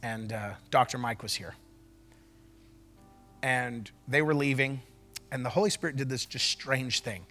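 A man preaching a sermon as a pastor, moving from loud declarations to quick, chatty storytelling in front of a church congregation. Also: mid-range voice, faint music behind. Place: church service before a congregation.

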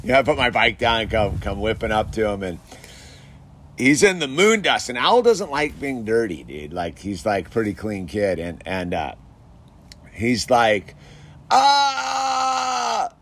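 A man's voice: fairly low pitch, animated, moderate pace, a bit bright, slight background noise. A man casually telling an anecdote, chatty, laughing often and full of filler words. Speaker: storyteller.

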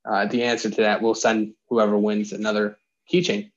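A man's voice: on the low side, flat delivery, moderate pace. A young man co-hosting a casual podcast, explaining things with puns and laughing often. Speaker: podcast co-host. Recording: slightly dull lo-fi sound.

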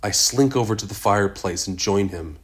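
A man narrating a first-person story in a measured, even reading. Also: lowish voice. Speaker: audiobook narrator.

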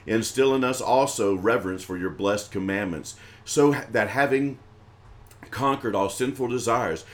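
A man from the American South with a Southern accent, leading liturgical prayers for a live stream in a chanting, intoning voice. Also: on the low side. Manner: intoning prayers in a raised chanting voice, chatty and laughing between.

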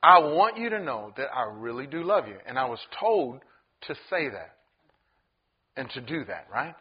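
Animated pastor preaching a sermon. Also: male voice, medium pitch, normal speed, husky, dull audio. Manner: animated, acts out voices in the story.

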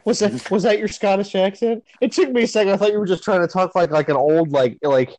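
A man's voice: high-pitched, quick pace, darkish tone, rough recording. A man co-hosting a casual movie chat, joking around and swearing. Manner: joking and profane. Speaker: podcast co-host.

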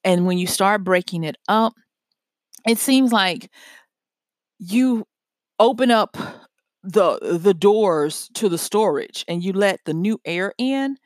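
Woman, writer doing a loose motivational talk, animated and self-mocking, dry close sound, mid-range voice. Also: mid-range voice, slow pace, long pauses, dry recording. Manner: animated, self-correcting, laughs at herself. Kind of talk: casual motivational monologue.

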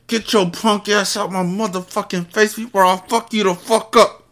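A man's voice: fairly even intonation, moderate pace, a bit bright. A man voicing a menacing gangster who speaks through clenched teeth, mouth barely open. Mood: clenched menace. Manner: high, tight voice through gritted teeth.

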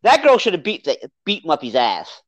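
A podcast co-host in a casual movie review chat, rambling and animated as they recount the plot. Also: medium pitch, normal speed, no room sound. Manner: rambling, animated, acts out character quotes.

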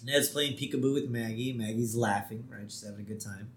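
A man's voice: fairly low pitch, fairly quick. A man co-hosting a podcast, casually recapping a cartoon episode, chatty and often checking "right?". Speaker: podcast co-host. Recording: echoey room.

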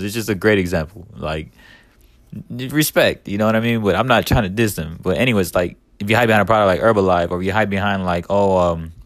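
A man hosts a podcast with a casual, rambling monologue, swearing and peppering his speech with "like" and "man," breaking into heated rants. His voice sits low, and the recording is dry.

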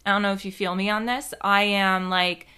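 A young woman with a bright, forceful voice and middling pitch tells a loose, rambling story. She talks casually, swears freely and packs her sentences with fillers, the way a podcast host chats with her listeners. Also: fairly even intonation, moderate pace, clear, resonant tone. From New Jersey. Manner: chatty, profane, rambling with many fillers.

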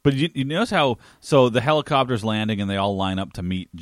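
A man's voice: on the low side, animated, no room sound, studio quality. A man co-hosting a podcast, chiming in with casual asides while they recap a TV episode. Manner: chatty, chimes in with quick asides. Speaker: podcast co-host.

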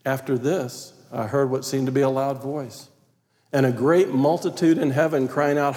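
This is a man preaching a sermon, his voice sitting a little higher than most men's. He reads scripture aloud and leans hard on key words, then drops to a hushed tone. The sound carries a long, lingering reverb, as if he is recorded in a large hall. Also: steady tone, normal speed. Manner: emphatic preaching, reading scripture aloud, dropping to quiet prayer. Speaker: pastor.

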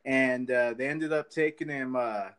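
A man's voice: mid-range voice, unhurried, a bit bright, smooth. Man, podcast host, casual rambling chat, swears freely, middle voice. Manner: rambling, loose, with lots of fillers and swearing.

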